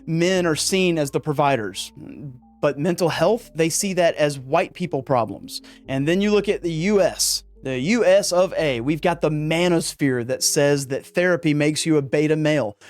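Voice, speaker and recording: Brief: male podcast host, energetic and fired-up monologue, slightly high voice, joking asides, faint music underneath. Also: moderate pace. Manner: energetic, gets worked up, jokey asides. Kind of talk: casual podcast monologue on men's mental health.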